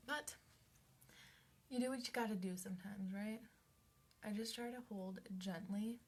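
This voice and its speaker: A woman hosting a casual live makeup tutorial from home. She chats as she works and often slips into soft half-whispers. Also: mid-range voice, measured pace, breathy edge. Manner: chatty, drifts into soft half-whispers, coos at her cat. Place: indoors at home at a makeup mirror.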